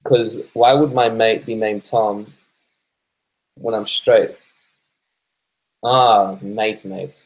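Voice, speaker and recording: A stoned Australian man hosts a casual live stream, reading viewer comments aloud while laughing and swearing freely. His voice is a little low with fairly even intonation, his delivery loose and unhurried, and the recording is rough.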